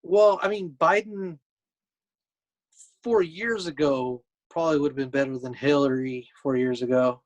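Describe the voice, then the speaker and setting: A young man co-hosting a podcast in casual chat, easygoing and quick to laugh, explaining his points at length. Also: fairly high pitch, lo-fi sound. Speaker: podcast co-host.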